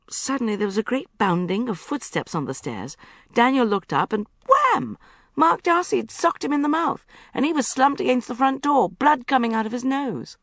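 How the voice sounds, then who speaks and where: An expressive woman reads a comic first-person novel, her pitch moving widely. Her voice has a gravelly edge, and she sounds close and dry with no room. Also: moderate pace, dry recording. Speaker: audiobook narrator. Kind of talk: first-person audiobook narration.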